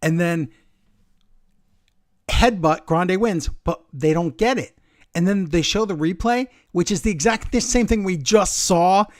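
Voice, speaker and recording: In this clean, studio-quality clip with no room sound, a male podcast co-host speaks in a high, unhurried voice. His casual wrestling chat turns into lively storytelling as he recounts a match and performs the quotes.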